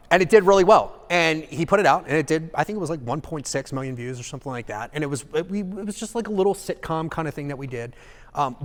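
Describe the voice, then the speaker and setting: A man giving a live seminar talk in an animated way, acting out examples and checking in with the audience. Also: fairly high pitch, big-room sound. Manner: animated, acts out examples, asks the audience "okay?". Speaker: seminar speaker.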